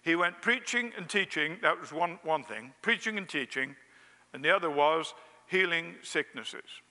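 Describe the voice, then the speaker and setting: A man's voice: fairly high pitch, lively intonation, normal speed, bright, forceful tone, long reverb tail. A man preaching a sermon, telling a wry anecdote and acting out its quotes.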